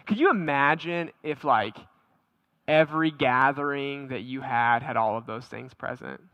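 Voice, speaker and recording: A pastor preaching a conversational sermon, animated, often repeating words and asking the congregation questions. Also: male voice, medium pitch, unhurried, no echo, highs cut off.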